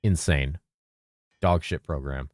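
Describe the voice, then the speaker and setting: A man with a very low voice chats casually on a game stream, rambling and cursing as he goes. He mumbles some words, and the sound is close and dry with no room echo. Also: takes it slowly, darkish tone. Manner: loose and rambling, swears freely, mumbles at times. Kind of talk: casual live-stream chat.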